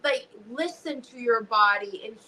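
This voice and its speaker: A woman's voice: on the high side, a little slow, sharp tone, slight background noise, poor audio. A young woman, a wrestler and podcast guest, talking emotionally and swearing freely, with many restarts. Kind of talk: casual podcast chat.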